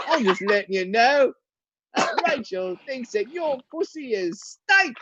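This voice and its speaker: A man's voice: very high voice, animated, very slow, fairly bright tone, lo-fi sound, slight background noise, voice pushed up, full character voice. A man putting on a fake British accent as an over-polite prank caller. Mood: mock polite.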